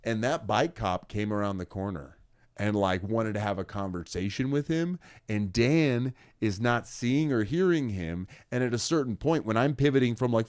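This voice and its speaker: A man's voice: fairly low pitch, normal speed, clean tone, dry recording, studio quality. A young adult man co-hosting a podcast, telling stories animatedly and acting out the people in them. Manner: animated storyteller who acts out voices loudly. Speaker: podcast co-host. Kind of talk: casual chat.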